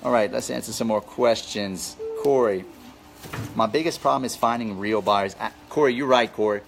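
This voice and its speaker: A man's voice: on the low side, normal speed, vocal fry, music in the background, rough recording. Emphatic man coaching viewers live. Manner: energetic, emphatic, repeats key phrases. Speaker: real estate wholesaling coach.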